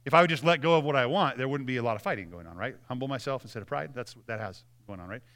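A man's voice: mid-range voice, very fast, a bit bright. A man in his thirties preaching a sermon as pastor, earnest and conversational with frequent restarts.

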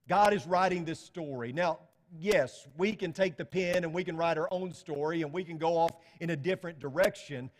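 Man, middle-aged pastor, sermon, rhetorical questions, long hall echo. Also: high voice. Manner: conversational preaching with rhetorical questions.

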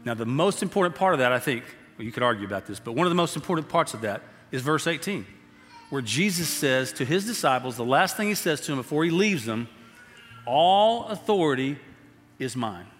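A man preaching a sermon, telling a story and then building to slow, emphatic exhortation. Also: a little high, lively intonation, a bit bright, faint music behind. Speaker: pastor. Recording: long hall reverb.

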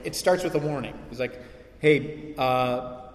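A male pastor preaching a sermon, animated, acting out quoted voices with sarcasm. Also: on the high side, moderate pace. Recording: echoey hall reverb.

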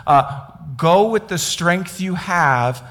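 A man voicing God as a calm, commanding divine figure who speaks slowly and deliberately. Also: sits high, full character voice.

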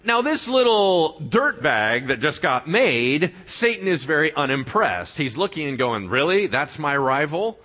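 A male pastor preaching a sermon, animated and playful, telling the story and asking his audience questions. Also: a little high, measured pace, few pauses.

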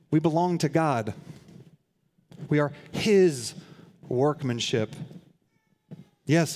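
Male pastor, sermon, fairly high voice, earnest, conversational, light humor. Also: darkish tone. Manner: conversational and earnest, with frequent restarts and humorous asides.

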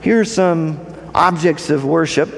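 A male pastor delivers a sermon in a fairly high voice, leaning hard on key phrases and repeating them. He checks in with the congregation through questions as he goes. The sound carries a long reverb from the sanctuary. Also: unhurried, creaky.

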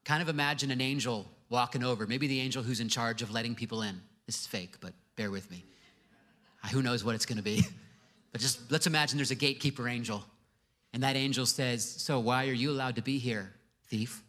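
A man's voice: medium pitch, brisk, sharp tone. A male pastor giving a sermon to a congregation, conversational with joking asides. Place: church before a congregation.

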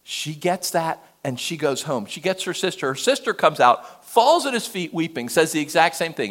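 A man preaching a sermon, conversational and animated, dropping to a hush for emphasis. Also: on the high side, normal speed, hardly any pauses.

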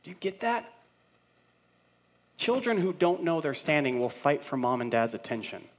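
A man's voice: on the high side, very animated, moderate pace. A man in his thirties, a senior pastor, preaching a sermon in a conversational, playful way with emphatic rhetorical questions.

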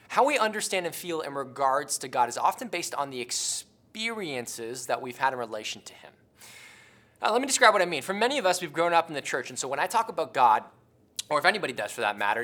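A man's voice: on the high side, bright, forceful tone. Earnest conversational male preacher. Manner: earnest and conversational, with frequent "uh" fillers and restarts; repeats key questions slowly for emphasis. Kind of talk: sermon.

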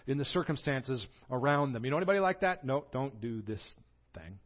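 Animated Southern preacher, slightly dull sound. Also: male voice, medium pitch, fairly quick. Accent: Southern American. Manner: animated storytelling, acts out quoted voices. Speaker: pastor. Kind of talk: sermon.

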